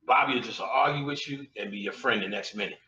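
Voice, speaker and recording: A quick-talking man with a mid-range voice tells crude, slang-heavy comic stories to a live audience in a lecture room, cursing freely and laughing and shouting at his own punchlines. The audio is lo-fi and echoey, recorded from a mic placed well away from him.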